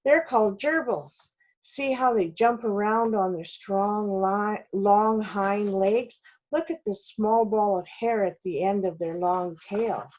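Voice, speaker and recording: A gentle storybook mother who explains everything slowly and patiently, voiced by a woman reading aloud. The recording is dull and lo-fi, with an unhurried pace. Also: mid-range voice.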